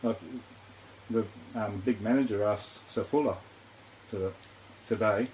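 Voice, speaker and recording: A man's voice: on the low side, a little slow, a little mellow, slight background noise, rough recording. A man as a podcast guest in a studio, speaking hesitantly with many fillers and restarts. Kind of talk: casual interview chat.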